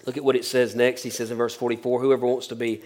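A man preaching a sermon as pastor, talking plainly and dropping his voice low on key points. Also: level tone, quick pace, a little mellow. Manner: conversational preaching, sudden drops to near-whispers.

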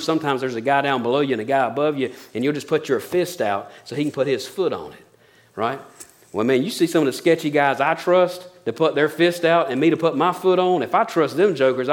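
A male pastor preaching a sermon in a folksy, animated way, with colloquial asides and acted-out quotes from scripture. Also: fairly high pitch.

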